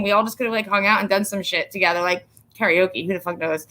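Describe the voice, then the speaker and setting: A woman's voice: fairly low pitch, steady tone, brisk, fairly bright tone. Profane, sarcastic woman ranting on stream. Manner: emotional, tearing up while reading viewers' comments. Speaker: vlogger. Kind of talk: casual live-stream rant.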